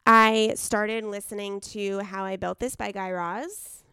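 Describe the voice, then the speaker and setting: A woman's voice: medium pitch, flat delivery, slow pace, sharp tone, clear, resonant tone, no echo, clean studio sound. A young woman co-hosting a podcast in casual chat, blunt and opinionated, swearing freely. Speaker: podcast co-host.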